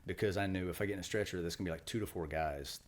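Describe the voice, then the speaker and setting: A middle-aged man, a retired Marine, telling war stories quickly in an interview, acting out quotes. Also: sits low. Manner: fast, animated war storytelling with acted quotes. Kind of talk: storytelling interview.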